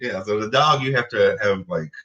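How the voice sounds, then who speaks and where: A man co-hosting a casual live chat with his wife, animated and playful in how he tells stories. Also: brisk, lo-fi sound. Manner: animated, acts out pets in high silly voices. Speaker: co-host of a live chat show.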